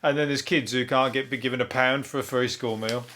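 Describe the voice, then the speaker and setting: A man's voice: mid-range voice, steady tone, fairly quick, a bit bright, slight background noise. A man hosting a comic news monologue, rambling and swearing, laughing at his own jokes. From Birmingham, England. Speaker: comedian podcast host.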